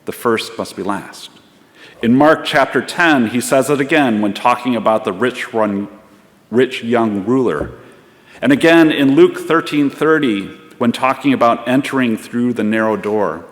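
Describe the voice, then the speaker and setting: A man's voice: mid-range voice, a little slow. A man preaching a sermon as pastor, in a reflective storytelling way. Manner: storytelling, reflective, acts out voices. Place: church sanctuary. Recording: long church hall reverb.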